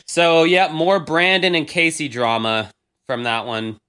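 Reading aloud from old diary posts, a podcast host in his thirties rambles through casual, crude chatter, poking fun at himself. He speaks a little slowly in a fairly high, steady voice that is sharp, clear, and resonant.

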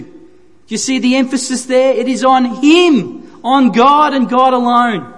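High-voiced man preaching in a reverberant hall. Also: a little slow, a bit bright, faint music behind. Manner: earnest, emphatic preaching with repeated phrases. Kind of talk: sermon.

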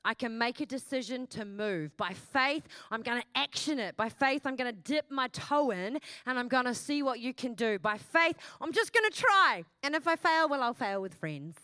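Bright, forceful woman preaching a sermon. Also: a little high, moderate pace, hardly any pauses, clean tone, no room sound. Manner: lively, chatty preaching with self-mocking asides and repeated rhetorical questions. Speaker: pastor.

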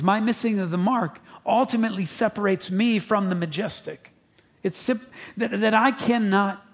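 A man preaching a sermon to his congregation, emphatic and repeating key lines for emphasis. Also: high voice. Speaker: pastor. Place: church.

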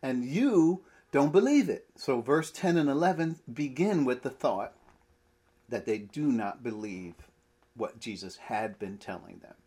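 A man preaching a sermon, animated and full of rhetorical questions. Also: mid-range voice, unhurried, husky. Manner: animated, rhetorical questions, laughs mid-phrase.

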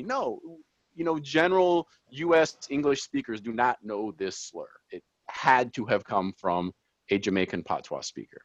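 A man's voice: mid-range voice, animated, normal speed, no room sound, lo-fi sound. A man co-hosting a soccer podcast, talking in casual chat and making his points with emphasis. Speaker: podcast co-host.

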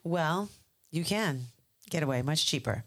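A woman's voice: deep voice, animated, measured pace. Playful woman co-hosting a podcast. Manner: playful, laughing asides. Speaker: podcast co-host. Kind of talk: casual chat.

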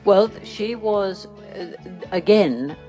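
A woman's voice: mid-range voice, lively intonation, slow pace, mellow, soft background music. An older British woman, an actress guest, chatting through stories with many restarts. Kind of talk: casual interview chat.

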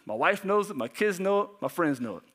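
Here a pastor gives a lively sermon in a high-sitting male voice, moving a little fast. He peppers the congregation with questions and sometimes drops into a quiet near-whisper.

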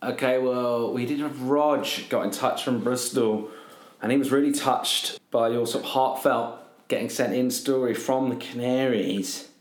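A man hosting a surf podcast, chatty and animated, swearing casually. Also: mid-range voice, a little slow. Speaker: podcast host. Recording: echoey room.

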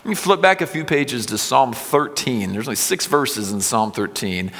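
A male pastor preaching a sermon, reading scripture with swelling intensity and dropping low and quiet between passages. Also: normal speed. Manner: reads scripture with rising intensity, then drops low and quiet. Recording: long hall reverb.

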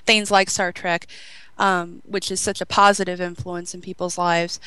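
Woman radio host, chatty and bubbly, smooth clear voice, dry close sound; casual, filler-heavy talk. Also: on the low side, little pitch movement, moderate pace, pushed and bright, no echo, poor audio. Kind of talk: casual podcast chat.

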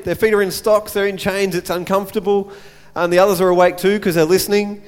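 A man's voice: high voice, in a large hall. A man preaching a sermon as pastor, earnest, repeating phrases and asking rhetorical questions.

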